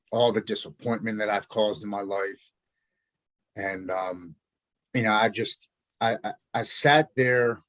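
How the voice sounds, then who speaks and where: Low-voiced man telling his story earnestly. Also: a bit bright, no echo, poor audio. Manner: earnest, halting, with repeated words. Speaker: podcast guest. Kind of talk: personal storytelling.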